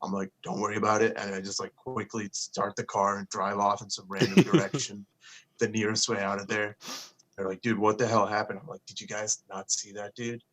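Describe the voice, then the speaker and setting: A young man with a low voice tells a story in a relaxed co-host chat. He speaks in a flat, even way, swears freely and acts out what people said to him. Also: brisk. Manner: laid-back, swears casually, quotes people in his stories.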